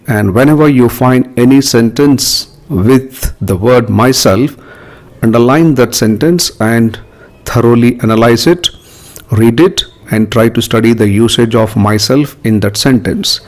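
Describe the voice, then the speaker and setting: A middle-aged male English teacher with an Indian English accent talks through a grammar lesson at a very slow, measured pace. His voice sits at an ordinary middle pitch. He reads each example sentence out deliberately and explains it step by step. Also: a little mellow.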